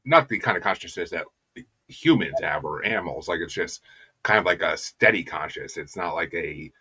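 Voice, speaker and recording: A man's voice: deep voice, lively intonation, moderate pace, pushed and bright, slightly rough. A man hosting an interview, chatting casually and eagerly agreeing, while hedging his own opinions. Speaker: podcast host.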